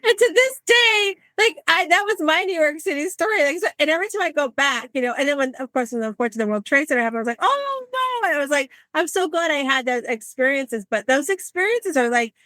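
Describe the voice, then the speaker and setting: A woman in her sixties hosting a podcast, telling stories in an animated, conversational way and acting out the people she quotes. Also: high voice, fast, few pauses, dry recording. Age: 60s. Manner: animated, acts out quoted voices. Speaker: podcast host. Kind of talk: conversational storytelling.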